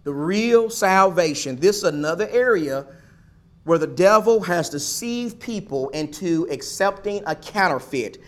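A man's voice: sits high, animated, unhurried. A man preaching a sermon, building emphasis through repeated phrases. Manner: emphatic, repetitive preaching cadence.

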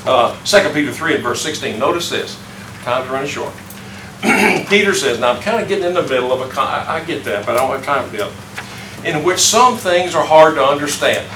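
Teaching a casual Bible class, this older man chuckles, keeps a folksy tone, and quizzes his students. He talks a little fast in a slightly high, expressive voice, far from the microphone. The sound comes from a distant room mic in an echoey classroom or church meeting room, with background noise audible.

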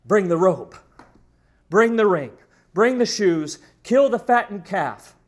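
A man's voice: high voice, animated, slow. A man preaching, voicing a joyful father who insistently orders a celebration for his returned son. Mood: exuberant. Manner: insistent, commanding, exuberant. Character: father welcoming home his lost son, overjoyed.

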